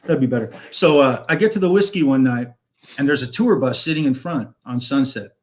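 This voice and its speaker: His mid-range voice runs a little fast as this fifties-aged live-stream guest wanders through a lengthy rock-and-roll tale. He curses liberally and performs the quoted lines himself.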